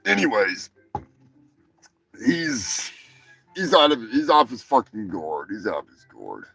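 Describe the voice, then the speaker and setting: A man hosting a crude comedic news show, talking in a profane, rambling, mock-gruff way. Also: mid-range voice, wildly swooping pitch, takes it slowly, fairly bright tone, faint music behind. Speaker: host.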